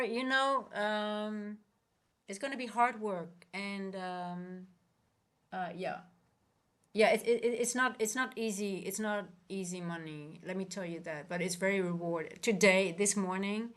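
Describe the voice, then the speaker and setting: A woman's voice: mid-range voice, measured pace, fairly bright tone. A woman coaching traders on a casual livestream, talking earnestly and rambling with many restarts. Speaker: trading coach and livestream host.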